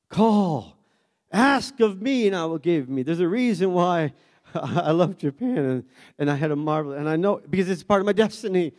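A man's voice: high-pitched, expressive, normal speed, a little mellow, big-room sound. A man preaching a sermon as pastor, calling out to the congregation and building in intensity. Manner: preaching with call-and-response and rising intensity.

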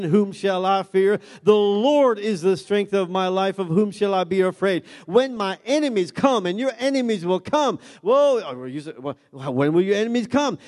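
Pastor, male, high voice, preaching with call-and-response, big echoing hall. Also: a little mellow. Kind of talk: sermon.

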